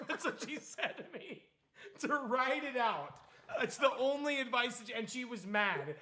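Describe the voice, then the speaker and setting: A young man streaming, chatting casually and telling a story with lots of swearing and loud, animated retellings. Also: extremely high pitch, moderate pace. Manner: animated, swears freely, acts out quotes loudly.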